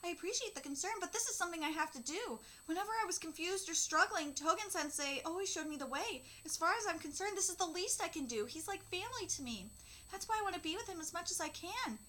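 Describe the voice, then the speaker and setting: A woman's voice: extremely high pitch, fast talker. A woman in her thirties hosting a manga reaction, reading the dialogue aloud and reacting with candid emotion. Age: 30s. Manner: emotional and candid, reads dialogue flatly between outbursts.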